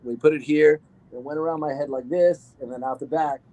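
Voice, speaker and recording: A man from Arizona, an actor guest on a podcast, telling behind-the-scenes stories in a relaxed, rambling way with lots of fillers. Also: fairly high pitch, a little fast. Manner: relaxed storytelling with many fillers. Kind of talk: casual podcast interview.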